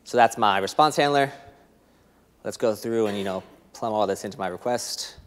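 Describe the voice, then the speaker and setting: A man with an American accent giving a fast, filler-laden technical conference talk while demoing code. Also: lowish voice. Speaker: conference presenter. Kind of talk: live coding demo talk.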